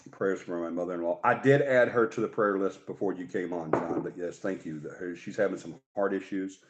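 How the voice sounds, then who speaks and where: A man's voice: low voice, a little fast, muffled recording. A man hosting a paranormal talk show in casual, rambling live-stream chat, joking and restarting his sentences. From Alabama.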